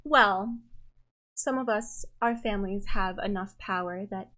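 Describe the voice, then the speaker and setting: A woman acting as game master, narrating a tabletop game in a measured, descriptive way. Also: medium pitch, pushed and bright, low-quality recording.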